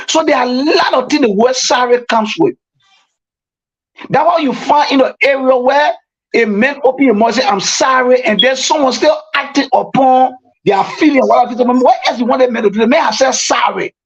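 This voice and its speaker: A pastor calls in to a radio discussion, explaining his advice in a preacherly way with an extremely high voice at a moderate pace. His voice is slightly rough. It comes through a dull, lo-fi phone line.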